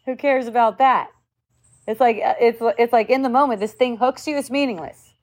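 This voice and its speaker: A woman's voice: on the high side, normal speed. A middle-aged woman giving a casual spiritual talk, musing and conversational, sometimes acting out the voices she quotes. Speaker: spiritual teacher.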